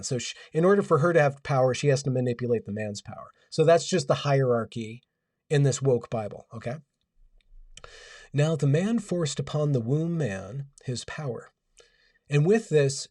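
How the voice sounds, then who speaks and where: On his casual stream, a man rambles in a wry way and reads out chat comments in a mid-range, mellow voice. His home audio setup picks him up from a distance, giving clean studio sound with no room sound.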